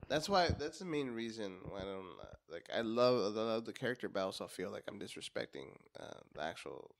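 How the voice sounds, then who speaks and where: A man's voice: lowish voice, sing-song, fairly quick, vocal fry. A male stand-up comedian as a podcast guest, chatting loosely, swearing and laughing between phrases. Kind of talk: casual podcast chat.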